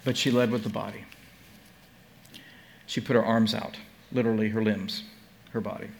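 A man preaches a sermon in an earnest storytelling manner, pausing and restarting mid-phrase as he goes. He shifts between telling the story and leading a prayer. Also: lowish voice, level tone, gravelly, a little hiss or hum. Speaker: pastor.

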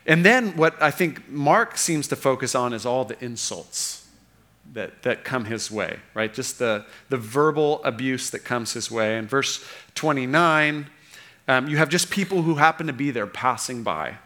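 A man's voice: medium pitch, lively intonation, measured pace, bright, forceful tone. A man preaching a sermon, earnest and unscripted, with frequent fillers and restarts.

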